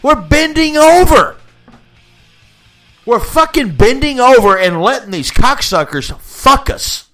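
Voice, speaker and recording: A fired-up man hosting a live show, swearing through a heated rant and hammering his points by repeating them. His voice sits high and swings widely in pitch. He talks casually, with no polish. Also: sing-song, slow, sharp tone, faint music behind. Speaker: podcast host. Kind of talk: casual profane political rant.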